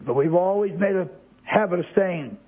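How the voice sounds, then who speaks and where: A man's voice: high-pitched, moderate pace. A male preacher giving an emphatic sermon. He repeats words for stress and keeps asking the congregation rhetorical questions. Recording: tinny lo-fi, phone-like sound.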